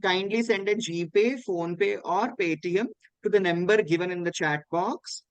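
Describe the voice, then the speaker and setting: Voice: medium pitch, a little slow, clear, resonant tone, no room sound, rough recording. A host wrapping up an online training session and giving announcements, taking care to repeat the instructions. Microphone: video call.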